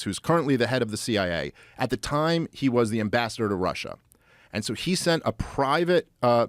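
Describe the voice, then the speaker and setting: Animated man talking politics, dry mic. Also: lowish voice, no echo. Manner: animated, many fillers and restarts. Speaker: podcast guest. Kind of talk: casual political talk.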